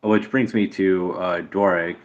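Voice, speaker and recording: A man narrating as game master of a tabletop game, halting with many fillers. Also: sits low, fairly even intonation, highs cut off.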